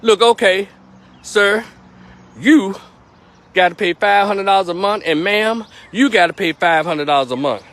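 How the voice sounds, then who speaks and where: A man's voice: high voice, measured pace, a bit bright. A man voicing a stern male judge handing down rulings. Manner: stern, official.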